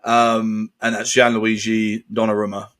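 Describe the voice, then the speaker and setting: A man's voice: fairly low pitch, completely flat delivery, measured pace, fairly bright tone. A man co-hosting a casual podcast chat, swearing freely, laughing often and slipping into mock voices. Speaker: podcast co-host.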